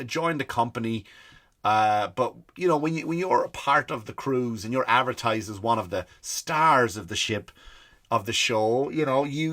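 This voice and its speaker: Swearing irish comedian ranting. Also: male voice, mid-range voice. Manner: animated storytelling, acts out quoted people, swears freely. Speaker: comedian podcast host. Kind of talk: comic rant.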